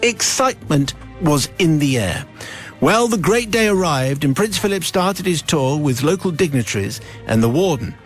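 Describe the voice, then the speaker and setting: A middle-aged radio host reads a listener's letter aloud at normal speed, telling it with lively storytelling flair. His voice is a little high for a man, and a faint music bed plays beneath him.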